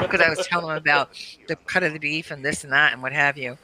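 A woman's voice: low-pitched, fairly even intonation, very fast, sharp tone, low-quality recording. A middle-aged woman telling a funny family story in casual chat, laughing often. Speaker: guest storyteller, mother.

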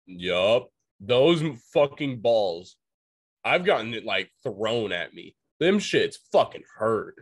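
A man's voice: on the low side, big pitch swings, takes it slowly, breathy edge, no room sound, studio quality. A man co-hosting a casual chat, dropping short crude interjections.

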